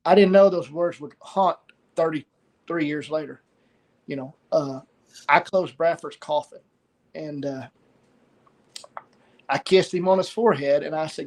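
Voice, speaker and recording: A middle-aged man with a somewhat high voice tells a personal story of loss. He speaks haltingly, pausing often and starting phrases over. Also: darkish tone. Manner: halting, pauses and repeats words. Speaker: guest sharing a story of loss.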